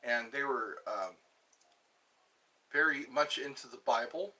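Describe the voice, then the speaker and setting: A man hosting a casual livestream, chatting slowly and rambling while greeting viewers and answering comments as he eats. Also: medium pitch, very noisy. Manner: slow, rambling, chatty, restarts words, eating while talking. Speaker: livestream host. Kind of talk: casual live chat reading comments.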